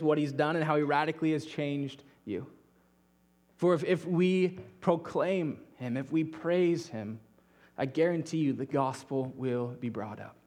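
A young adult man delivers a sermon, his voice sitting a little higher than most men's. He preaches earnestly and lets many phrases sink to a soft, near-whispered close. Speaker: pastor.

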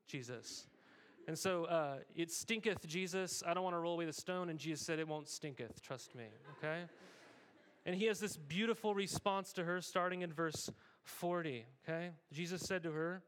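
A man preaching a sermon as pastor, in a conversational, animated style with frequent asides to the congregation. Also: on the high side.

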